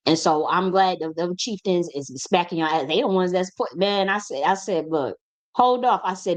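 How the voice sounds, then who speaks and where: A woman's voice: on the low side, a little fast. A woman speaking as a spiritual teacher in an impassioned monologue, blunt and profane, repeating phrases for emphasis.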